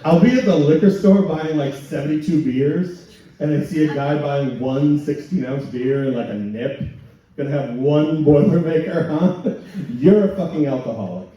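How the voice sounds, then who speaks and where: A man doing a stand-up set, telling crude stories in a deadpan way and putting on voices for the people he quotes. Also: a little high, moderate pace. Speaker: stand-up comedian. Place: comedy night in a function hall. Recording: echoey hall, distant, dull and lo-fi. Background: audience laughter.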